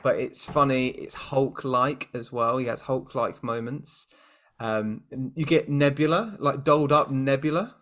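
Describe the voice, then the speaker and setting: A man's voice: mid-range voice, fairly even intonation, unhurried, a bit bright. A British man co-hosting a podcast, chatting casually and thinking aloud with lots of "kind of"s. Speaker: podcast co-host. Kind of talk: casual chat.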